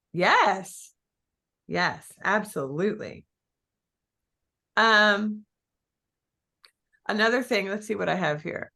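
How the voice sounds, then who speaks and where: A woman coaching real estate agents in an energetic, chatty way, with many fillers and small restarts. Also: mid-range voice, vocal fry. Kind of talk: coaching talk to an audience.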